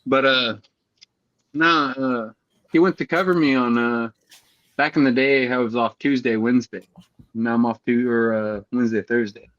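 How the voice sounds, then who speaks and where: A man's voice: medium pitch, steady tone, normal speed, fairly bright tone, dry recording, dull audio. A man co-hosting a podcast, telling work stories in casual chat, swearing often and acting out the people he quotes. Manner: storytelling, acts out quoted calls, swears freely. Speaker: podcast co-host.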